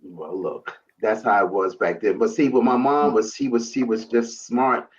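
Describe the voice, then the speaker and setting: A man's voice: on the low side, fairly even intonation, moderate pace. A man from Brooklyn, a guest on a talk show, reminiscing casually about family meals. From Brooklyn, New York. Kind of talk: casual chat. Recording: dull lo-fi sound.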